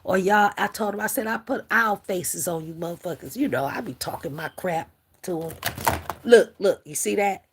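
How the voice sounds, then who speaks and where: A woman's voice: fairly low pitch, normal speed, noisy background. A woman hosting a spiritual livestream, teary and preacherly, talking straight to her viewers. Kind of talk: casual spiritual livestream talk.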